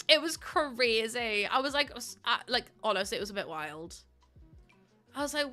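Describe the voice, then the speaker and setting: A young woman streams live and chats to her viewers in a bubbly, giggly way. Her voice sits a little high and sounds bright and sharp, with faint game music underneath. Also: lively intonation, normal speed. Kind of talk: casual live-stream chat while playing.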